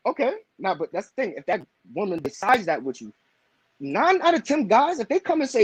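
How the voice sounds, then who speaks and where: A man's voice: sits high, big pitch swings, fast talker, breathy edge, no room sound. A man arguing brashly and insistently as a guest on a live talk show, often cutting in. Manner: brash, insistent, talks over others. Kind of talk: casual debate on a live show.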